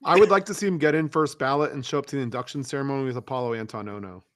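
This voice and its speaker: A man's voice: mid-range voice, very fast. A man co-hosting a casual sports podcast, teasing his partner dryly and laughing.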